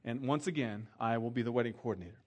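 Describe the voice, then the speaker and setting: A middle-aged man, a pastor, talks fast at a medium pitch as he preaches his sermon like a conversation. Quoted people get acted out, and he quiets down to emphasize key moments.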